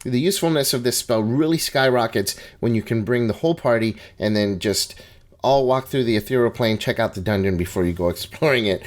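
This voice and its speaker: A man's voice: medium pitch, brisk. A man casually talking through a tabletop game guide, conversational with frequent restarts and asides. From Hispanic background. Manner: conversational, restarts and hedging asides, laughs at himself.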